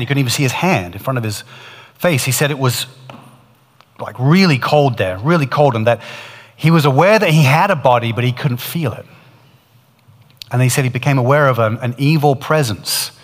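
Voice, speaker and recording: Earnest male preacher, mid-pitched, storytelling sermon; long reverb of a hall. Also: brisk. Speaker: preacher retelling a testimony.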